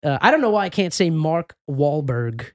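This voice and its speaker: A man's voice: high-pitched, sing-song, very fast, fairly bright tone. A man chatting casually on a podcast, rambling with restarts and fillers and swearing now and then. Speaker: podcast co-host. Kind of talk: casual chat.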